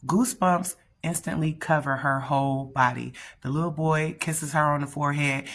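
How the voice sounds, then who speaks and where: A woman telling a spooky story in a lively, expressive way, talking straight to the listener. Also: sits low, a little slow. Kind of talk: dramatic scary story narration.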